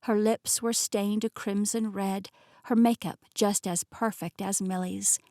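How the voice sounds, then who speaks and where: A woman narrating a novel in first person with lively, expressive delivery. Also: mid-range voice, a little slow, dry recording, clean studio sound. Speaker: audiobook narrator.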